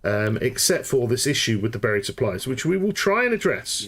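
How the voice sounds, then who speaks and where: Talking a bit quickly at medium pitch, this tutorial host works through a game live, reasoning aloud. He gets excited as the pieces click and often restarts what he's saying.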